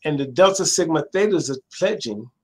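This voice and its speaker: Animated storytelling man, librarian guest. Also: a little fast, low-quality recording. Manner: acts out quoted voices, jumping much higher.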